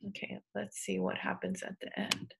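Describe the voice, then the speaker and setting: Brief: woman teacher, gravelly voice, coaxing questions to young students. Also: medium pitch, monotone, normal speed, heavy background noise. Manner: questioning, encouraging, with fillers. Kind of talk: online lesson for children.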